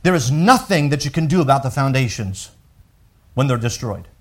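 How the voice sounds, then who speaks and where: A man preaching a sermon with emphatic swings from loud declarations to hushed, drawn-out lines, repeating words as he works through a thought. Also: mid-range voice, animated. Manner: unhurried, deliberate, with pauses and repeated words. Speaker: pastor.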